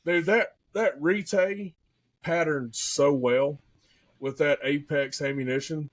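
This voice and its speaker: An excitable young man with a somewhat high-pitched voice tells a hunting tale in loose, folksy podcast chat. He gets animated and carried away as he talks. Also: takes it slowly. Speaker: podcast hunter telling a hunt story. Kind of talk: casual storytelling chat.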